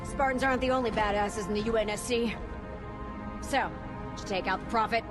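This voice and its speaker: An actress voicing a tough, confident female soldier in a video game cutscene, talking in a clipped, brisk military way over music. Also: fairly high pitch, close to an everyday voice. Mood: determined. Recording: game clip with loud music behind.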